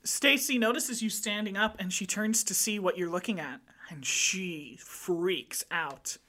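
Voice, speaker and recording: A woman's voice: mid-range voice, a little slow, sharp tone. A woman narrating and running a murder-mystery tabletop game. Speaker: game master.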